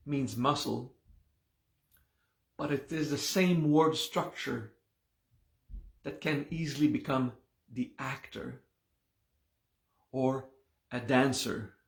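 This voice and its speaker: Slow-talking gravelly male teacher. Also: medium pitch, echoey room. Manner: slow, explains patiently with repeated "okay?". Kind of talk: live class explaining Sanskrit words.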